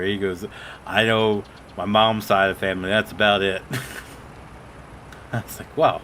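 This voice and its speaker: A man's voice: on the low side, fairly even intonation, a little slow, pauses often, pushed and bright, slight background noise. A man hosting a casual gaming stream, telling a rambling story and quoting family members. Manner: rambling storyteller, quotes others. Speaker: streamer host.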